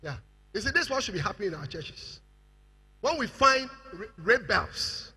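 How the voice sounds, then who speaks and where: A man with a Ghanaian accent preaching a fiery sermon, rising to shouts. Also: high voice, very animated, moderate pace, husky. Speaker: bishop preaching.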